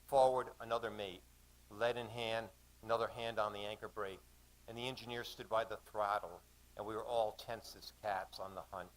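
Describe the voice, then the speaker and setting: A man poet performing a spoken-word story in a measured, vivid recitation at a live reading in a cafe. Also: on the low side, steady tone, rough recording.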